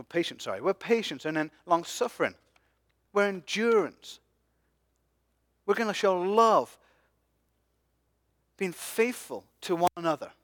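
Man, pastor, sermon, high voice, dry close sound, hushed-to-loud swings. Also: dry recording.

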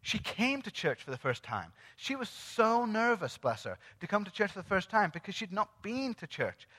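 Bright high-voiced man, echoing hall. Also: normal speed. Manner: animated storyteller who acts out quoted dialogue. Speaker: church speaker sharing a testimony. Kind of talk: sermon testimony storytelling. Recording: long reverb of a large hall.

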